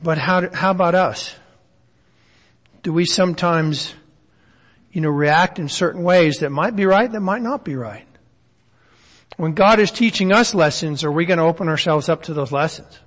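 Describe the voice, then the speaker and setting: Teaching a Bible study, a man keeps things relaxed and conversational, repeatedly asking his listeners questions. His voice is somewhat high and a bit bright, delivered at a normal speed with long pauses. A hall's long reverb echoes behind him.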